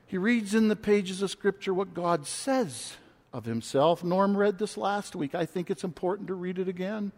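A man preaching a sermon, reading scripture and speaking with passion that builds to near shouts. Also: high voice, moderate pace. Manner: impassioned, rising to shouts when quoting. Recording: long hall reverb.

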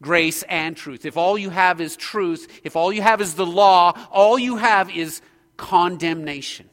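A man's voice: high voice, a little slow, fairly bright tone, big-room sound. A man preaching an expository sermon, earnest and emphatic, pressing his points with growing intensity.

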